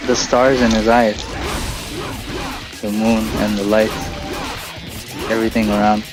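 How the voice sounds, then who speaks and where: A man's voice: fairly low pitch, flat delivery, unhurried, low-quality recording. A man in his late twenties or thirties, a streamer host telling a long story in a loose, rambling way full of fillers. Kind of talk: casual storytelling during a game stream. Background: game music.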